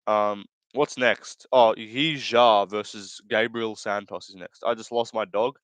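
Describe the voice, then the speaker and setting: A man's voice: on the low side, normal speed, a bit bright, smooth, no echo. Crude, joking young male streamer. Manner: crude joking, laughs often, rambling self-corrections. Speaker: livestream host. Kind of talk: casual live commentary reading chat.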